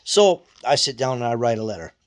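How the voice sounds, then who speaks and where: Guy telling a story, swears a lot, blunt and animated, mid-pitch voice. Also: a little fast. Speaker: guest storyteller. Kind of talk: casual storytelling.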